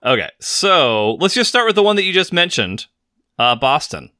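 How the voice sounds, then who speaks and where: A man's voice: fairly high pitch, very animated, normal speed, pushed and bright. A man with a Pacific Northwest accent co-hosting a podcast in casual chat, teasing his friend and explaining things matter-of-factly. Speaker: podcast co-host.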